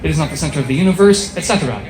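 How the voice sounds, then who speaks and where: A young man from upstate New York doing a deadpan, self-deprecating stand-up set on a small bar stage, speaking through a face mask. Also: fairly high pitch, very fast, music in the background. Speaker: stand-up comedian. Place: small bar stage before a live audience. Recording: echoey bar room with faint ambience.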